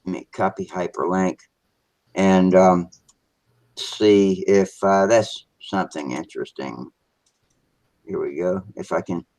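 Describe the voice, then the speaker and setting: A man's voice: deep voice, a little slow, a little mellow, no echo. A man hosting a casual video call hangout, rambling along as he fumbles with his computer. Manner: rambling, narrates his own computer trouble. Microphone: computer mic on a video call.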